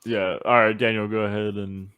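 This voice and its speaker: A man hosting a casual podcast chat who keeps laughing and tells stories in an animated way. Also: lowish voice, brisk, clear, resonant tone, no echo. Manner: laughs often, animated storytelling. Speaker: podcast host.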